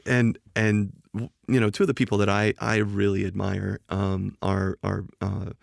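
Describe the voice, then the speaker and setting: A man's voice: on the low side, little pitch movement, moderate pace, vocal fry, dry recording, clean studio sound. A man, a game designer guest on a podcast, telling a story animatedly, often restarting and acting out quoted dialogue. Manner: often restarts and repeats words. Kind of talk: casual podcast chat.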